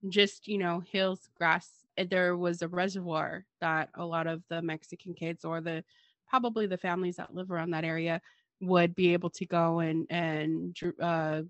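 A woman's voice: lowish voice, steady tone, moderate pace, no echo, muffled recording. A woman co-hosting a casual history discussion, with dry, sarcastic asides. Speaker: podcast co-host.

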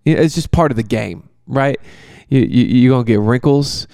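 A man, a pastor, answering a question in casual, conversational Q&A talk, animated and joking at times. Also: mid-range voice, normal speed, creaky, clear, resonant tone, no room sound, studio quality.

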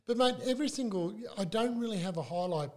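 Older Australian bloke, mellow and a touch high, halting chatty guest storyteller. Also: male voice. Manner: animated, halting storyteller with many restarts. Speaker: club mascot performer, guest. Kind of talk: casual interview chat.

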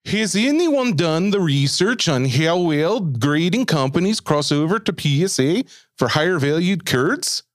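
A mock Norwegian man, put on by a male podcast host, reads slowly in an exaggerated Scandinavian accent. The voice rides higher than his usual, with a sing-song lilt. The recording is close and dry. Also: big pitch swings, dry recording. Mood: jokey. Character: mock Norwegian man reading a listener question.

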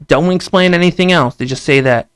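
This young man's voice is a little high, smooth, and fairly bright, and he speaks briskly with no echo. In a casual vlog, he rants emphatically to camera, full of profanity, repetition, and stammered restarts.

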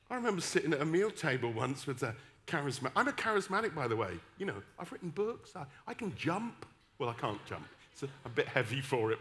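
A middle-aged man from the West Country with a West Country accent, preaching a sermon with humorous, animated storytelling and emphatic repetition. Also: fairly high pitch, a little hiss or hum. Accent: West Country English. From West Country, England.

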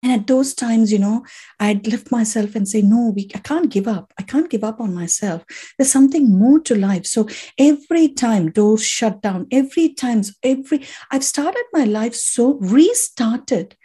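A woman's voice: a little high, expressive, normal speed, mellow, breathy edge. A woman and native Tamil speaker, a podcast guest, telling her personal story with heartfelt gratitude, emotional and close to tears, often restarting her sentences.

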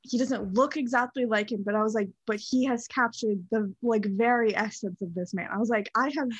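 A woman's voice: fairly high pitch, fairly even intonation, brisk, slightly rough, no room sound. Woman, podcast co-host, casual chat, effusive, lots of "like", dry lo-fi recording. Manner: effusive, heavy use of "like". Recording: dull lo-fi dry sound.

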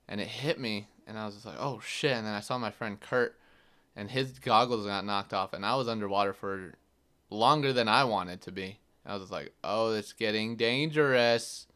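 Young guy podcasting, lowish smooth voice, rambly and casual, swears a lot. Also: a bit bright. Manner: loose and chatty, full of "like" and swearing. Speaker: podcast host. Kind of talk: casual storytelling monologue.

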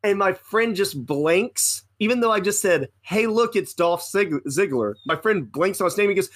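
A man's voice: high voice, expressive, moderate pace, fairly bright tone, husky. A young man co-hosting a casual podcast, telling rambling anecdotes with lots of self-corrections. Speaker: podcast co-host. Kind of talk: casual storytelling.

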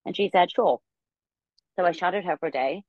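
Podcast guest: young woman, low voice, rapid rambling storyteller, dull lo-fi dry recording. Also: dry recording. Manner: rambling, many filler words. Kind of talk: casual storytelling. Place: her room.

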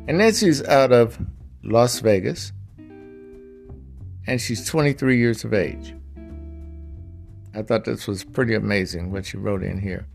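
A man's voice: on the low side, a little slow, gravelly, long pauses, faint music behind. A man hosting a talk show in a folksy, conversational way, introducing and reading a listener's email. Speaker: radio show host.

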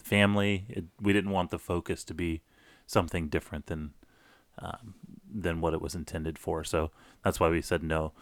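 A middle-aged man telling a personal story casually, animated, with many restarts. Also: sits low, normal speed, no echo. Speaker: guest storyteller.

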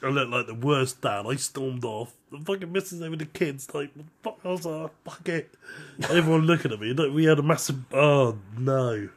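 A man co-hosting a podcast, telling a long story in casual chat, animated, swearing often and laughing as he talks. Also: mid-range voice, a little fast, hardly any pauses. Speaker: podcast co-host.

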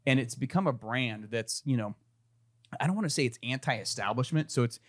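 A man in a casual interview, telling stories with lively, blunt energy. He swears freely and jumps straight into each point in a medium-pitched voice. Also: a little fast. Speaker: guest, gun company marketer. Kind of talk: casual storytelling.

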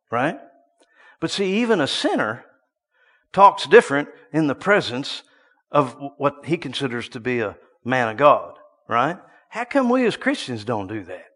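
Preacher in a reverberant hall. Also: male voice, mid-range voice. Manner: storytelling, swinging from hushed to loud bursts. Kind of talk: sermon.

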